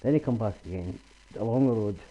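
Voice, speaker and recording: Husky-voiced storyteller. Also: male voice, on the low side, highs cut off. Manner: homely, unhurried, repetitive "he says". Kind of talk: oral folk-tale telling.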